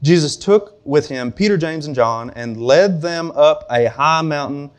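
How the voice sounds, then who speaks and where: A man's voice: a little high, lively intonation, a little slow. A man preaching a sermon to a congregation in a conversational way, with asides and questions to the room. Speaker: pastor.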